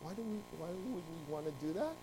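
A man voicing a bewildered male small-plane pilot who answers in slow, quiet, hesitant words. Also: high-pitched, animated, background noise.

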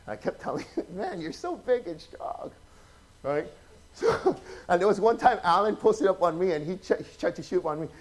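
A male preacher with a notably high voice gives a relaxed, conversational sermon. He tells stories with lively energy, acts out the people in them and keeps asking his listeners questions. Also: normal speed. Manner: chatty, animated, acts out quotes, asks the audience questions. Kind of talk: informal sermon storytelling.

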